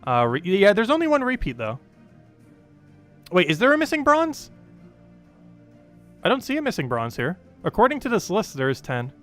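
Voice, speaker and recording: A man's voice: high voice, huge pitch swings, moderate pace, long pauses, a bit bright, faint music behind. A young man with a New Jersey accent hosting a casual gaming livestream, rambling with lots of fillers and frequent laughs.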